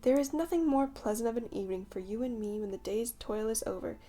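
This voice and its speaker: Cocky boy putting on fatherly airs, read by a woman; pompous, a little high. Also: fast, warm tone, natural voice. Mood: cosy. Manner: pompous, mock-grand.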